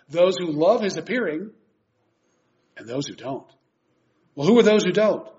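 A man delivers an earnest, emphatic sermon in a fairly high voice. He explains scripture point by point. The recording sounds dull and lo-fi. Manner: earnest, emphatic preaching, reading scripture aloud. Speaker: preacher.

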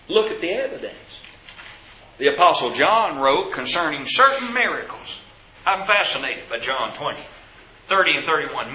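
A man's voice: fairly high pitch, big pitch swings, moderate pace, pushed and bright, roomy sound, dull audio, a little hiss or hum. A man preaching a sermon to his congregation, asking rhetorical questions with emphasis.

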